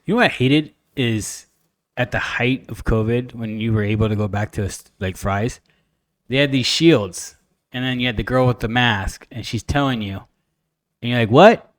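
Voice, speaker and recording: A man co-hosting a casual podcast chat, animated, breaking into raised voices when he imitates people. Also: medium pitch, normal speed, no room sound, studio quality. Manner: animated storyteller, mimics others in raised voice. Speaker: podcast co-host.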